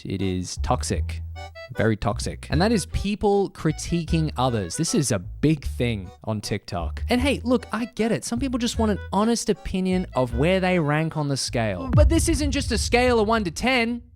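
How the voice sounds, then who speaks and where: A man's voice: high-pitched, very animated, moderate pace, faint music behind. A man narrating a commentary video in a wry, incredulous tone.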